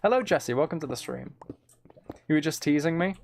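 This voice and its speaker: A man's voice: on the high side, animated, brisk, vocal fry, a little mellow, slight background noise. Playful man rambling to his stream chat. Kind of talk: casual live-stream chat while gaming.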